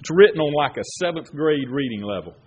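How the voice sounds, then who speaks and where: A man's voice: fairly high pitch, animated, fairly quick, darkish tone, muffled recording, slight background noise. A man preaching a sermon in a folksy storytelling way that gets worked up.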